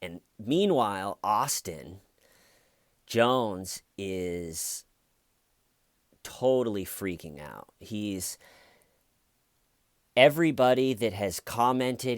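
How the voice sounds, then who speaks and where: Man, low voice, smooth and clear, dry close sound, rambling casual commentary. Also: slow, no room sound. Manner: rambling, conversational, with frequent fillers and restarts. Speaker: commentary youtuber. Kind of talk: casual true-crime commentary.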